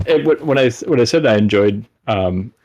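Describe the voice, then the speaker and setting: A man co-hosting a casual podcast chat, talking in a relaxed, easygoing way. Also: mid-range voice, a little fast, lo-fi sound. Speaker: podcast co-host.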